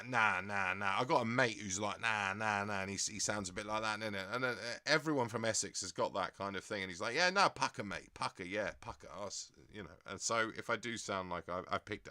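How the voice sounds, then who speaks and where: A man's voice: deep voice, pushed and bright, no room sound, studio quality. An English man hosting a stream in a casual, rambling way, reading out viewer comments and laughing often. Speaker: livestream host.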